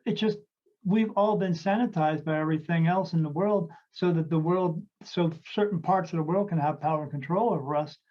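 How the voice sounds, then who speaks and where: High-voiced man telling a rambling story. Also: a little fast. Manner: rambling, many fillers and restarts, acts out quoted voices. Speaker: podcast host, medium. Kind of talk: casual storytelling chat. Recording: dull lo-fi audio.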